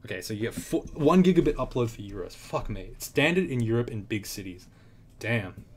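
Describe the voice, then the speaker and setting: A man's voice: mid-range voice, animated, fairly quick, husky. A young man casually commenting on a live game stream, swearing and joking in mock trash talk at the game. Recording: loud keyboard clicks and typing.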